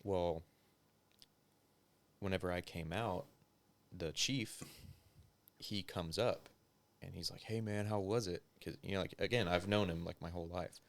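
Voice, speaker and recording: Low gravelly man telling a story. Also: steady tone, measured pace, long pauses. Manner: loose and profane, heavy use of filler words. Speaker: interview guest, former police officer. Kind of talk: casual conversational storytelling.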